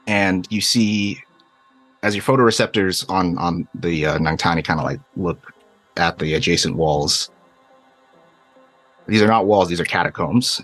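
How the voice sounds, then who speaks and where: A man's voice: deep voice, fairly bright tone. A man running a tabletop game, describing scenes loosely with lots of fillers, over faint music. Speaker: game master.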